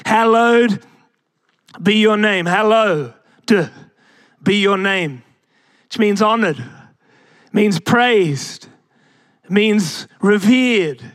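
High-voiced pastor preaching slowly. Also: male voice, fairly bright tone, dry recording, clean studio sound. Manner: preaching with rhetorical questions and calls to the congregation. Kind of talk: sermon.

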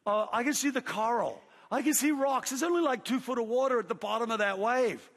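A middle-aged man, a pastor telling a lively story in a sermon, acting out his own shouts and quotes. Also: extremely high pitch, brisk. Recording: long hall reverb.

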